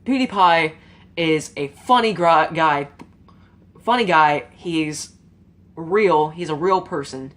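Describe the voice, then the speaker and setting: A woman's voice: deep voice, slow, a bit bright. A woman giving an earnest, rambling opinion monologue to her viewers, casual and emotional, with fillers and some swearing. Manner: rambling, informal, with frequent fillers and mild swearing. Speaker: YouTube commentator.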